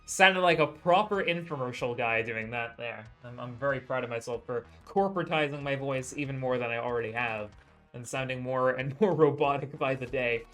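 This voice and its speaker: Bright-voiced joking esports commentator man. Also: mid-range voice, moderate pace, soft background music. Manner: joking, self-deprecating; announcer-style hype on countdowns. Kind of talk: live play-by-play commentary.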